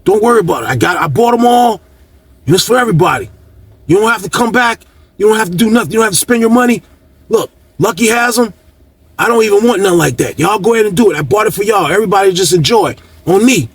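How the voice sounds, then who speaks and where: A man voicing a generous, smooth-talking male inmate with a slight Italian-sounding accent, speaking loudly and excitedly. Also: high voice, fast talker, dry recording, voice pushed up, heavily acted.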